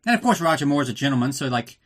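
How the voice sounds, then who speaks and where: A man's voice: mid-range voice, lively intonation, fast talker. A man hosting a casual movie recap podcast, ranting and sarcastic with plenty of swearing, drinking while he talks. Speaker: podcast host.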